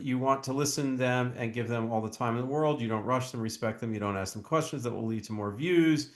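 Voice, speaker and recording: A true crime podcast co-host reads out viewer comments in a medium-pitched, reverberant voice. He talks casually and earnestly, halting and repeating words as he often restarts.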